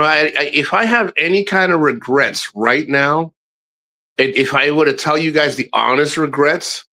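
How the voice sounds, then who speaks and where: A man's voice: medium pitch, pushed and bright. A middle-aged man talking casually to his livestream viewers. He rambles frankly, restarts often and swears freely. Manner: addresses viewers directly. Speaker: live streamer.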